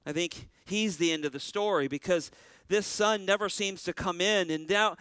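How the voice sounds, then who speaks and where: A man's voice: high-pitched, sharp tone, clear, resonant tone, no room sound, studio quality. A man preaching a sermon as pastor, earnest, with a rising and falling preaching cadence.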